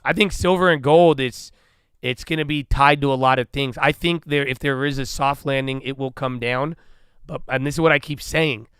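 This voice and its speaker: Bright, crisp-voiced man on a livestream. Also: mid-range voice, moderate pace, dry recording, studio quality. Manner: animated, swearing, acts out his own inner dialogue. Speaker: livestream host. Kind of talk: casual livestream chat.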